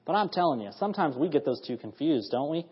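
Earnest high-voiced preacher in an echoing church. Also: male voice, animated, quick pace, slightly rough. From United States. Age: 30s. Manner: earnest, building to emphatic bursts with repeated praise. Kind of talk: evening church sermon. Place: church sanctuary. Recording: dull lo-fi audio in a reverberant church hall.

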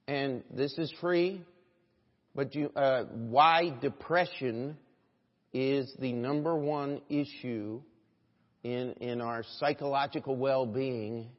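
A male American pastor preaching a sermon in a church, moving from quiet reflection to loud, emphatic exhortation and often calling out "Amen?" to the congregation. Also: medium pitch, takes it slowly. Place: church sanctuary. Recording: dull recording with long church reverb.

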